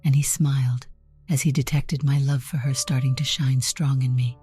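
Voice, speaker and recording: A woman narrating a first-person story in an even, measured way. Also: extremely low pitch, soft background music.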